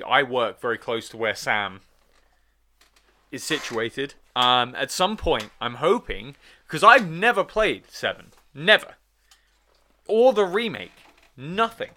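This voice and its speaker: A man's voice: on the high side, unhurried. A man in a casual podcast chat, rambling through stories with plenty of fillers. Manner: rambling, lively storyteller with fillers. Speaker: podcast co-host.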